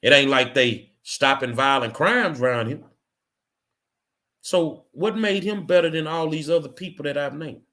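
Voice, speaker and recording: A middle-aged man hosts his own show and rants with real anger. He hammers his points home through blunt repetition. His voice sits a little high. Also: moderate pace, sharp tone. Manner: angry, ranting, emphatic repetition. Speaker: show host. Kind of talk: impassioned monologue.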